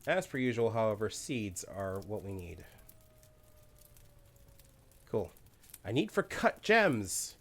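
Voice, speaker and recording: Foul-mouthed man streaming a game, lively pitch. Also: slow pace, pauses often. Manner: swears freely, barks orders at the game characters. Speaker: streamer playing a colony sim game. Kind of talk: casual live-stream chat.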